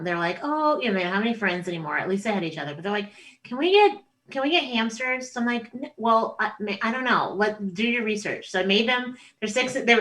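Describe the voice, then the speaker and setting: A middle-aged woman, a comedian guest, telling a family story in casual podcast chat, animated, swearing freely and acting out voices. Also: mid-range voice, far from the mic, rough recording.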